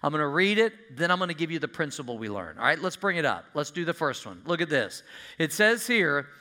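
A man preaching a sermon in a folksy, animated way, asking his congregation questions. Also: fairly high pitch, a little fast. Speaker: pastor.

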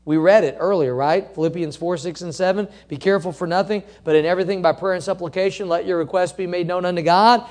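A man's voice: high-pitched, fairly even intonation, quick pace, few pauses, darkish tone. A man preaching a sermon, quoting scripture and driving his points home with emphatic, rising repetition. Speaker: pastor.

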